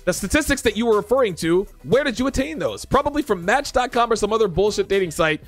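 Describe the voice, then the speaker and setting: A man's voice: high voice, very animated, fast talker, soft background music. A man hosting a dating commentary show, ranting in exasperation at viewer comments with profane sarcasm.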